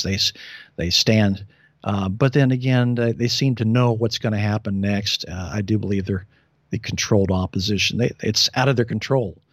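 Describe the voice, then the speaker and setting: A man's voice: lowish voice, moderate pace, no echo, clean studio sound. An American man chatting casually as a podcast guest, often stumbling and repeating words as he restarts. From United States. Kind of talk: casual conversational chat.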